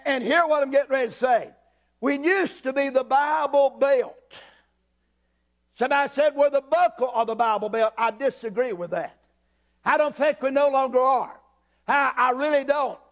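A man preaching a fervent sermon, often rising to a shout and repeating his points. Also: very high voice.

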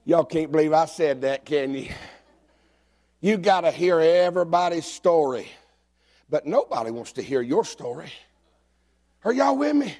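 A middle-aged man preaching a folksy, joking sermon in a church, breaking into shouts. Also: fairly high pitch, lively intonation, unhurried, long pauses. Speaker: pastor. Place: church sanctuary.

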